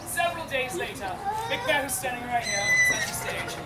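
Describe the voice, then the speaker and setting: A woman's voice: high voice, expressive, brisk. A woman leading a playful, laughing audience-participation story for a live crowd outdoors. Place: outdoors in a busy public space. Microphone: far from the recording device. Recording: distant echoey outdoor recording with crowd noise. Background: loud crowd and ambient noise.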